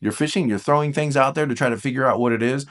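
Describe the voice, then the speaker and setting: A man coaching on personality types, talking casually to his viewers, animated, mimicking them in playful voices and dropping to slow, quiet emphasis. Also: medium pitch. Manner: animated, jumps into playful mock voices of the listener; drops to slow, quiet emphasis on key points. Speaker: Enneagram coach. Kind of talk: casual talk to camera.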